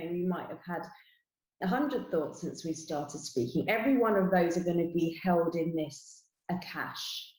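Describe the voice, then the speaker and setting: A middle-aged woman with a London accent explains her work in an earnest, steady way, often adding "you know." Her voice sits on the low side. The recording has a roomy echo around it. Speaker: guest, spiritual teacher. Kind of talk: interview explanation.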